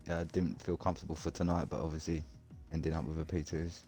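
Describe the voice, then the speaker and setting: A man talks fast after a sim race, his voice deep and dark in tone. He rambles excitably and stumbles over restarts as he describes the battle. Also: soft background music. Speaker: sim racing driver being interviewed. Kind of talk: casual post-race chat.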